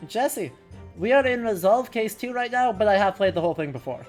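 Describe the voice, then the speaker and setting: A woman's voice: mid-range voice, lively intonation, brisk, darkish tone, soft background music. A woman streaming a courtroom game, chatting casually and wryly, often breaking off mid-word to comment. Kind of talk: casual game let's play with read-aloud dialogue.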